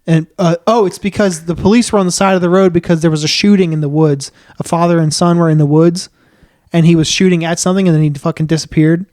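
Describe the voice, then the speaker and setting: Guy cohost rambling thru a story, kinda higher voice, dry close mic. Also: steady tone, fast talker, a little mellow, no echo. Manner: rambling storytelling with fillers and restarts. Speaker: podcast co-host. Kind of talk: casual chat.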